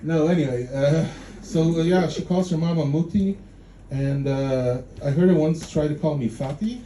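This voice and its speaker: A man's voice: on the high side, moderate pace, dark tone. A man doing a stand-up comedy set, rambling and self-mocking, with stammering restarts. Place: comedy club stage before a live audience. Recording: echoey club room with faint noise.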